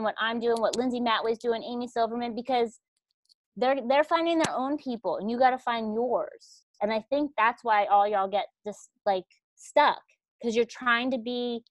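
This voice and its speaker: A woman's voice: on the high side, no echo. A woman talking as a guest coach in a casual chat, blunt and slangy, swearing freely and laughing at herself.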